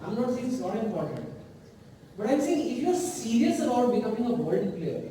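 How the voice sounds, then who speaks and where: A man speaks at a conference, animated and emphatic, breaking into casual asides. His voice sits high and mellow. It is picked up from a distance in a very echoey hall. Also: a little hiss or hum. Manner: animated, rising to emphatic peaks, conversational asides. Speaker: author giving a talk. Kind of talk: conference speech.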